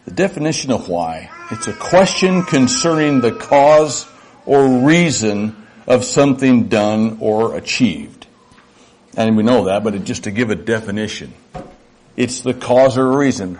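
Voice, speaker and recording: A man's voice: medium pitch, expressive, a little slow, darkish tone. An older man preaching a sermon to his church, folksy and reflective, sometimes acting out little dialogues. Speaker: pastor.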